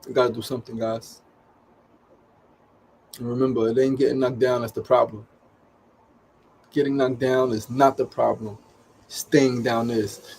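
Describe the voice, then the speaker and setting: Speaking at a moderate pace with long pauses, a man hosts his daily studio show, making an impassioned, urgent plea to viewers peppered with swearing and repeated phrases. His voice is mid-range, a little mellow and level in tone, with slight background noise.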